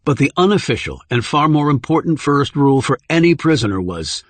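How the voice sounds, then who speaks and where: A man's voice: a little high, no echo. Man narrating a thriller audiobook. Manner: measured, steady storytelling. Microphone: close studio microphone.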